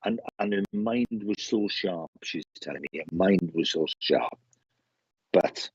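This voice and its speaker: Male medium, low husky voice, dry dull stream sound; chatty, halting delivery. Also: animated, no room sound. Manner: chatty, laughing, stumbling restarts, relays spirit messages. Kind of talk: live mediumship reading.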